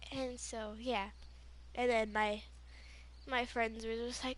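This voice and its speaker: High-voiced, unhurried rambling woman. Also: slight background noise. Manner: rambling, heavy use of "you know" and "like"; excitable, bursts into yelling when retelling. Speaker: gaming vlogger. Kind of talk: casual storytelling vlog.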